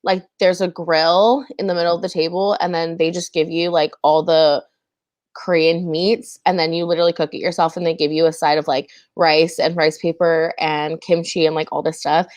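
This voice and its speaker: A woman's voice: lowish voice, little pitch movement, moderate pace, darkish tone, no echo. A young woman hosting a livestream, chatting casually and laughing often, filling her talk with "like". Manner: chatty, giggly, full of "like". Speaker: stream host.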